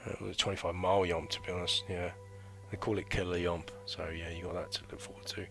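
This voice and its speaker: A man's voice: low voice, little pitch movement, fast talker, fairly bright tone, faint music behind. A man in his thirties telling a chatty, rambling story about his military training in a casual vlog. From United Kingdom. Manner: rambling and chatty, full of fillers and slang. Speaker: former recruit recounting training.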